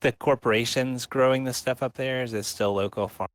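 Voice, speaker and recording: A man's voice: medium pitch, fairly even intonation, fairly quick. A man from the United States in a casual podcast chat, asking hesitant, curious questions.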